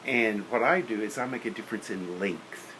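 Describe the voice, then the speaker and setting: A man's voice: on the low side, normal speed, background noise. A man lecturing on teaching beginner band, practical and opinionated, counting and singing rhythms aloud. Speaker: music teacher.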